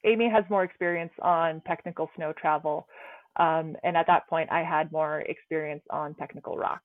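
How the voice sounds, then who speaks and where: A woman's voice: sits low, steady tone, normal speed, no echo. A woman guest telling her story in a plain, matter-of-fact way in an interview. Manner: matter-of-fact, laughs often. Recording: tinny phone-like line.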